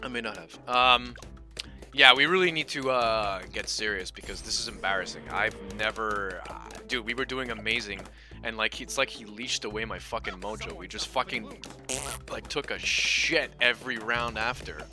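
A man streaming a game, rambling and swearing, swinging between loud outbursts and low mumbling. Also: moderate pace. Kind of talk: casual live-stream commentary. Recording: faint game music behind.

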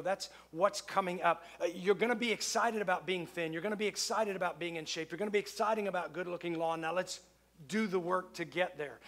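High-voiced man preaching a conversational sermon. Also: fairly bright tone. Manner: conversational, repeats phrases for emphasis. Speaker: pastor.

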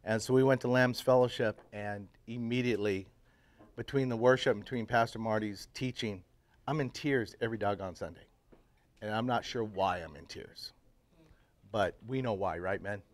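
Animated middle-aged man giving a testimony. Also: fairly low pitch, normal speed. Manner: animated storyteller, swings from loud laughing bursts to quiet earnest tones. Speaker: church pastor speaking to a men's group. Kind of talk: casual personal testimony talk. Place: live talk to a roomful of men at a breakfast.

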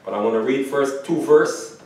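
A male pastor preaching a sermon, reading scripture aloud and often asking the congregation "Amen?". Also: normal speed. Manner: preaching, rises loud and high reading scripture. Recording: echoey hall from far off.

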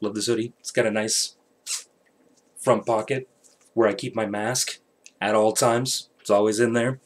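A man's voice: lowish voice, steady tone, unhurried. Rambling, swearing male vlogger. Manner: rambling, profane, joking. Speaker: channel host. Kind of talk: rambling late-night channel update.

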